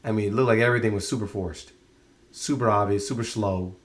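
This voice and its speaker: A man's voice: lowish voice, steady tone, fast talker. A man giving a casual spoken review of a show, exasperated and rambling, often restarting his sentences.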